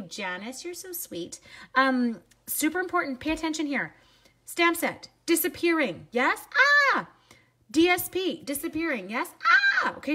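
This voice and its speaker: A woman's voice: fairly high pitch, fairly bright tone, a little hiss or hum. A middle-aged woman from Canada leading a live card-making demo, chatty and jokey, greeting viewers by name and slipping into whispers. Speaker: stamping demonstrator.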